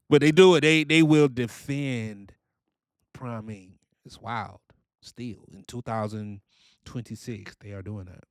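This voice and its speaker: A man's voice: fairly low pitch, unhurried, gravelly, dry recording, studio quality. A man hosting a reaction video, giving casual commentary in laid-back slang and tagging his points with questions.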